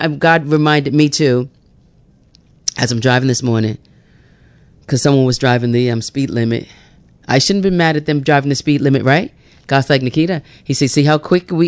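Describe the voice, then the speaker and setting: A young woman hosting a gospel radio show in a studio, talking casually about scripture. She is lively and laughs easily, acting out her talks with God. Her voice is smooth and clear, recorded dry and close on a studio mic. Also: sits low, no echo. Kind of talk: casual on-air chat with scripture reading. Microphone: studio microphone.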